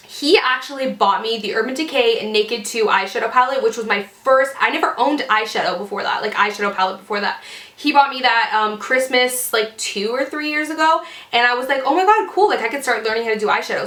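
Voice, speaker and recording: A woman's voice: a little high, sharp tone. A woman beauty YouTuber answering fan questions in a casual vlog, chatty and full of "like" fillers. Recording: roomy echoey room.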